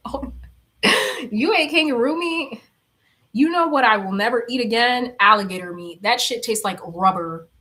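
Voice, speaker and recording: A woman's voice: on the high side, a little slow, bright, forceful tone. A young woman chatting casually on a livestream, reading comments aloud, blunt and laughing often. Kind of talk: casual chat.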